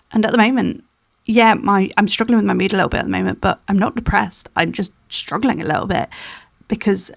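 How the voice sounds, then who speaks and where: A young woman talks in a tired, candid voiceover that wanders and restarts. Her voice has a gravelly, fry-edged texture. It is recorded close up in a dry space. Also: medium pitch, no room sound. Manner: candid, rambling with restarts and little laughs. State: tired, yawning. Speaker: planner vlogger. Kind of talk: personal voiceover chat.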